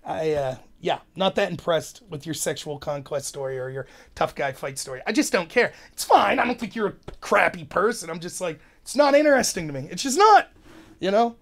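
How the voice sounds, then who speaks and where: A man hosting a podcast, delivering an animated, rambling opinion monologue and acting out quotes in other voices. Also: sits high, a little fast. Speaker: podcast host.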